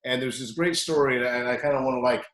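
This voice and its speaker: A male wrestling coach tells stories in an easygoing, animated way, punching up quoted lines with sudden energy. His voice sits in a mid range and carries a noticeable room echo around it. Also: mid-range voice, quick pace. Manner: animated, acts out quotes loudly. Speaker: wrestling coach, podcast co-host. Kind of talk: casual storytelling chat. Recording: echoey room.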